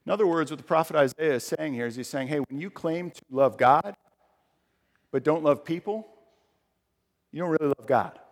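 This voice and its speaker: Man, pastor, sermon, conversational then emphatic, slightly high voice, long hall reverb. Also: moderate pace, long pauses. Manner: conversational preaching, rising to emphatic outbursts.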